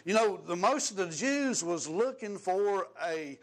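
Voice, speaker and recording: A man's voice: sits high, expressive, measured pace. A man preaching a folksy sermon, quoting scripture and breaking into praise.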